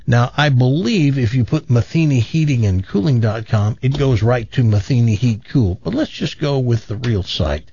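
A man's voice: mid-range voice, animated, moderate pace, creaky, hardly any pauses, dark tone, husky, dry recording, highs cut off. A man hosting a talk radio show, chatting casually, reading live ads in a rambling way and telling jokes.

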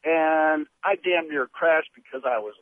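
A man's voice: on the high side, unhurried. A man calling into a radio show, telling an amused travel story. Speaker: caller. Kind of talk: phone-in storytelling. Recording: gravelly voice over tinny phone line.

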